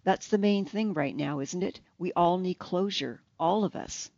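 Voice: medium pitch, a little slow, a little mellow, no echo, close to an everyday voice. Narrator voicing an overbearing, emotional sister. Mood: insistent. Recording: slightly dull, dry lo-fi recording.

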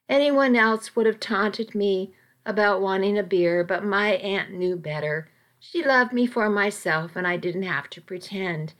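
A woman narrating a first-person story as an audiobook, in a measured, steady storytelling manner. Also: medium pitch.

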